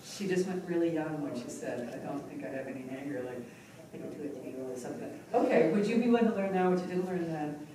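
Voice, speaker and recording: A woman's voice: lowish voice, fast. Woman presenter in an echoey hall. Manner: expressive and conversational. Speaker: hypnotherapy presenter. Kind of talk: live teaching demonstration. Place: large conference hall. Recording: echoey hall from far off with noise.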